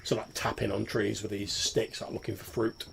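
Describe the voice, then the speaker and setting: A man runs a tabletop game as game master, narrating casually and swearing freely. His voice is gravelly, set against a faint hum of ambient noise. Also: lowish voice, flat delivery, normal speed, fairly bright tone.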